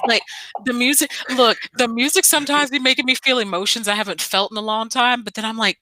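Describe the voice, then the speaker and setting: A woman's voice: on the high side, no echo. A young woman co-hosting a podcast, chatting casually with emphatic asides. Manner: animated, emphatic, quick asides. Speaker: podcast co-host.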